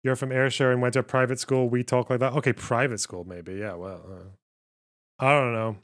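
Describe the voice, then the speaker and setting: A male streamer in casual livestream commentary, reacting bluntly and swearing freely. He speaks at a middle pitch and laughs often between remarks. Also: fairly even intonation, a little fast. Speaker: livestream host.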